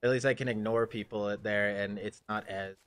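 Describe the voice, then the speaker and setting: Low-voiced young man rambling on stream. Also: fairly even intonation, brisk, fairly bright tone. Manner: rambling, profane storytelling with many restarts. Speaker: game streamer. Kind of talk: casual chat while gaming live.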